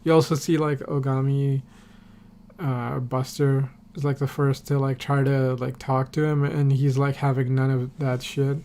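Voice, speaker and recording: A man's voice: mid-range voice, little pitch movement, a little slow, dark tone, a little hiss or hum. A man recapping a TV episode on a podcast in a casual, rambling way, full of fillers and casual swearing. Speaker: podcast host.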